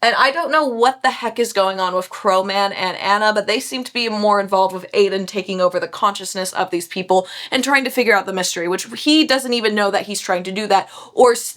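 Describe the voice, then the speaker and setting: A woman's voice: medium pitch, moderate pace, few pauses, a bit bright. A woman, talking casually at home in the evening as she works through a mystery novel, chatty and self-mocking. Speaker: book vlogger. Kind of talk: casual chat reading a mystery aloud.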